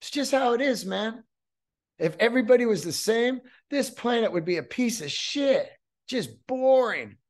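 A man's voice: very high voice, expressive, normal speed. A man hosting a solo podcast, talking in a loose, rambling, profane monologue. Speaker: podcast host and comedian.

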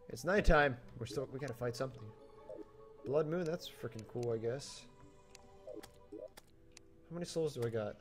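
A young man giving jokey, animated commentary as he plays a video game, talking to the game and to his viewers, a little tipsy. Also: a little high. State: tipsy from drinking. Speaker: gaming YouTuber. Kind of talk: let's play commentary. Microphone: desktop mic without pop filter.

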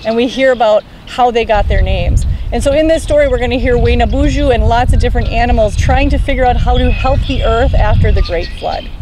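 A woman's voice: on the high side, fairly quick, few pauses, noisy background. A woman, a park ranger, introducing a children's story outdoors in a friendly, explanatory way.

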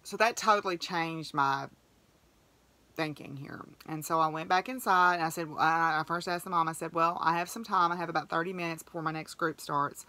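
A podcast host with a low-pitched, fairly even voice tells a story in a chatty, emotional monologue, acting out what people said. She speaks a little fast with a sharp tone, and the recording is dry.

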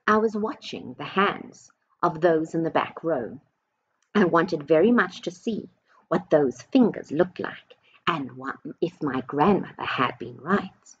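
A woman, possibly a teacher, reading a storybook aloud to children slowly and expressively, with dramatic emphasis. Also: sits low, highs cut off, slight background noise.

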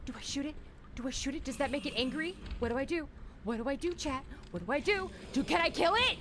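High-pitched shrieking woman streamer. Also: expressive, quick pace, noisy background. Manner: jumpy, shrieking, chatty with viewers. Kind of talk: live gameplay commentary.

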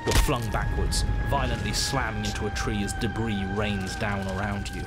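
A man's voice: fairly low pitch, fairly even intonation, moderate pace, close to an everyday voice. A man voicing the stern, exasperated narrator of a horror game, speaking dryly and with command. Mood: grave. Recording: game audio with loud music behind.

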